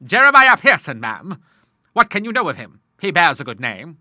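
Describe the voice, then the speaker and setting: A man's voice: high voice, sing-song, moderate pace, sharp tone, dry recording, clean studio sound, pitched above the performer's own voice, heavily acted. A man reading an audiobook, voicing a hearty, blustering old retired navy admiral who talks in sea terms. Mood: bluff.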